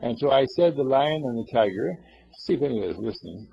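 A man's voice: medium pitch, expressive, quick pace, creaky, warm tone, breathy edge. A man telling a story aloud in a folksy, meandering way, addressing his listeners. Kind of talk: casual oral storytelling. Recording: dull lo-fi recording.

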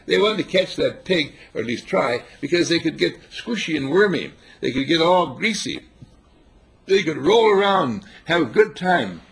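A man giving an informal sermon on a spiritual path, telling stories with animated chuckles. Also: fairly high pitch, moderate pace, creaky, husky. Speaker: spiritual teacher.

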